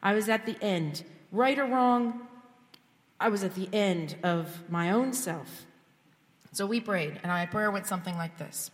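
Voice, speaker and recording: A woman preaching from the front of a church, sharing her own story in a candid, storytelling way. Her voice sits in a middle pitch, and her words ring out with the long reverb of a sanctuary hall. She moves into fervent, heartfelt prayer. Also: a little slow. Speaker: speaker at church. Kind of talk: sermon testimony.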